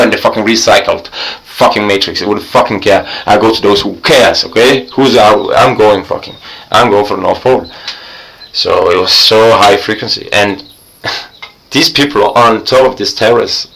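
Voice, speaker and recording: Profane, excitable man with bright voice. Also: lowish voice, normal speed, vocal fry, a little hiss or hum, poor audio. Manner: profane, excitable, swings between loud and quiet. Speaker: vlogger. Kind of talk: rambling storytelling monologue.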